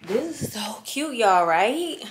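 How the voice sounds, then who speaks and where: A woman's voice: a little high, big pitch swings, slow, a little hiss or hum. A woman in her twenties vlogging casually to camera, chatty and slangy, talking straight to her viewers. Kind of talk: casual vlog chat to camera.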